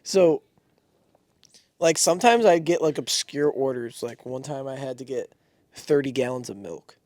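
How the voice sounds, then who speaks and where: A young man co-hosting a podcast, telling animated stories full of slang and swearing. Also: mid-range voice, normal speed, dry recording. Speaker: podcast co-host. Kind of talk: casual chat.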